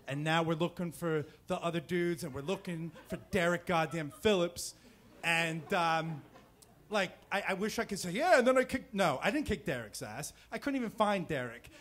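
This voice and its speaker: A man in his thirties from New Jersey tells a personal story on stage in a fairly high voice. He talks casually and rambles, with plenty of fillers and restarts. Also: a bit bright. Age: 30s. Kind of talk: live storytelling. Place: stage before a live audience.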